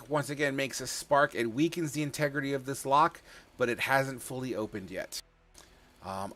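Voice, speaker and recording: Man, game master, bright voice, casual, joking, swearing, tabletop game. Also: medium pitch. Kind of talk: running a tabletop game over voice chat.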